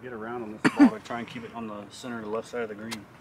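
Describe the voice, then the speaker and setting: A man's voice: medium pitch, big pitch swings, rapid-fire, creaky. A man out on a golf course, casually talking through his shots aloud. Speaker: golfer. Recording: distant from the mic, loud outdoor noise.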